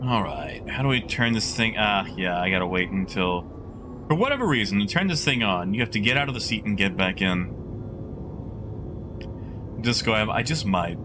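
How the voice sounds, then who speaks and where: A man's voice: on the low side, animated, moderate pace, background noise. A man streaming a game live, chatting casually and rambling as he muses aloud to his chat.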